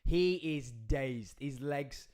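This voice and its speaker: A man, hosting a podcast and telling a story in an animated, excitable way, with big swings in pitch and loudness as he acts out the scenes. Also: drawn-out words. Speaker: podcast host.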